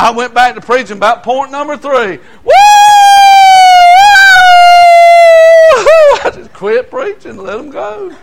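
Older man, high voice, animated folksy preacher, shouts for emphasis. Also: creaky, slight background noise. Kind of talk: sermon storytelling.

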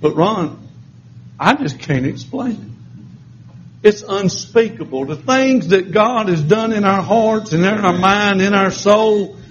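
A man's voice: high voice, slow pace. A man preaching a sermon and telling his own testimony, in an emotional, repetitive cadence with stammered restarts. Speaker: pastor. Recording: slightly muffled recording with faint background noise.

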